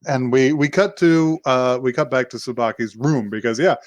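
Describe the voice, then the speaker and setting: A man's voice: medium pitch, moderate pace, no echo. A man co-hosting a podcast, rambling through an anime recap with lots of laughs and little acted-out voices. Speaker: podcast co-host. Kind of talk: casual chat recapping an anime.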